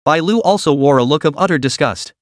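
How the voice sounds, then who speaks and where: A man narrating a comic story recap in a brisk storytelling manner. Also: a little high, animated, no echo, studio quality.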